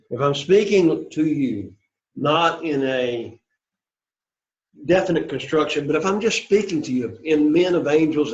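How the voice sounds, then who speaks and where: A man teaching an introductory Greek class in a classroom, repeating phrases and often checking in with "right?" and "okay?". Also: mid-range voice. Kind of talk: classroom lecture. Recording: roomy classroom, dull lo-fi sound.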